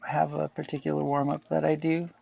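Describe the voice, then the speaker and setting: A man's voice: a little high, monotone, fast, creaky, warm tone, highs cut off. A man chatting casually as an artist vlogger while he draws, meandering and correcting himself with jokey asides. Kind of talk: casual rambling chat while drawing.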